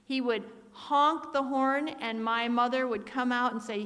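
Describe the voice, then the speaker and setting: A woman's voice: on the high side, fairly even intonation, moderate pace, hardly any pauses, fairly bright tone. A middle-aged woman giving a sermon, telling family stories and reading Bible verses aloud. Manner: storytelling, acts out family voices, reads verses aloud. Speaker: speaker at church. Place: church sanctuary. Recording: church hall reverb.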